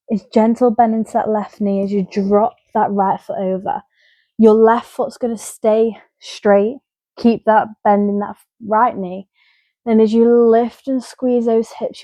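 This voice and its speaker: A woman yoga teacher giving calm step-by-step instructions while moving through the poses, a little out of breath. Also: mid-range voice, dry recording, highs cut off.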